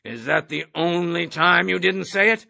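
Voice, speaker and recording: A man's voice: high voice, expressive, normal speed, vocal fry, sharp tone, muffled recording, full character voice. A man voicing a blustering, bullying army major who barks and sneers through an interrogation.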